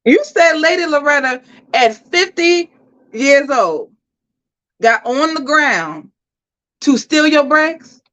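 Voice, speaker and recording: A woman hosting a livestream, giving animated, emphatic commentary and talking straight to her chat. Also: high-pitched, slow pace, pauses often, low-quality recording. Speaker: host.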